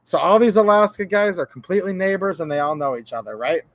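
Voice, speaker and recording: Man, livestream host, casual rambling chat, joking, slightly high voice, dry close sound. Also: fast, no echo. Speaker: gun channel livestream host.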